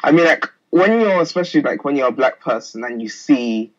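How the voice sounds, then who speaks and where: A man's voice: medium pitch, expressive, a little fast. A young man from England with a South London accent, calling in and chatting casually with lots of giggling. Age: young adult. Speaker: caller. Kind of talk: casual chat. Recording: muffled call audio.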